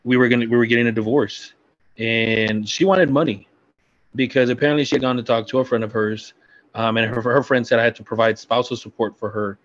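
A man's voice: mid-range voice, flat delivery, fairly quick. A man in casual chat telling a blunt, profane story from his army days. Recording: dull lo-fi sound.

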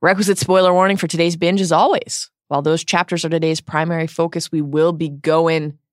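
A woman hosting a podcast, giving the intro in an upbeat, brisk announcing manner with casual banter. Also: low-pitched, little pitch movement, no room sound, studio quality. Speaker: podcast host.

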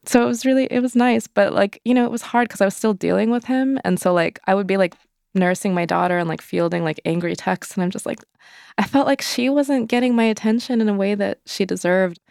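A woman's voice: medium pitch, fairly even intonation, fairly quick, vocal fry, a little mellow, smooth, no room sound, studio quality. A young adult woman telling her personal story as an interview guest, candid and conversational, full of fillers. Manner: conversational, many fillers, acts out quoted voices.

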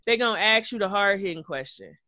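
A man co-hosting a podcast, recapping reality TV in an animated, gossipy way with plenty of cursing. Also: high-pitched, a little fast, dry recording, studio quality. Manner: animated, gossipy, profane storytelling. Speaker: podcast co-host. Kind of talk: casual reality-TV recap chat.

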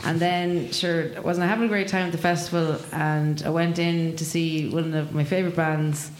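Irish woman comic, rambling, laughing storyteller, lowish voice, echoey noisy live room. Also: steady tone, normal speed. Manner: rambling, laughing, swearing often. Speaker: comedian guest. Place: live venue with audience.

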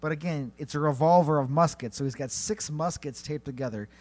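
Animated man spinning a comic story. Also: brisk. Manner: animated, jumps into high silly voices for characters. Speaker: podcast co-host. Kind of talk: comedic storytelling banter.

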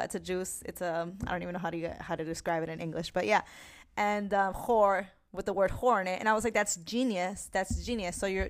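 Chatty New woman, casual swearing. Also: medium pitch. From New York. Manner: chatty, swearing, many fillers and restarts. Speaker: podcast host. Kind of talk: casual chat.

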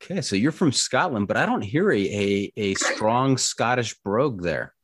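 A man's voice: medium pitch, expressive, moderate pace, a bit bright, dry recording, clean studio sound. A man hosting a podcast interview, chatty and joking, often stumbling over his words. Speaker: podcast host. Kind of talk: casual interview.

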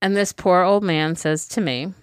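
A woman's voice: fairly low pitch, normal speed, clean tone, dry recording, clean studio sound. A middle-aged woman co-hosting a podcast, telling a story in casual chat and laughing through it. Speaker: podcast co-host.

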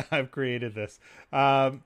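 A man's voice: medium pitch, a bit bright. A man hosting a casual interview, mostly giving short affirmations and laughing along. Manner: laid-back, brief affirmations and laughs. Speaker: podcast host.

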